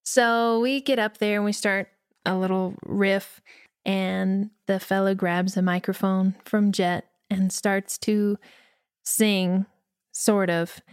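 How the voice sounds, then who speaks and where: Young woman, band member, animated storyteller, dry close sound. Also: mid-range voice, takes it slowly, clean tone, no room sound. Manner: animated storyteller who acts out quotes. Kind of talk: casual anecdote in an interview.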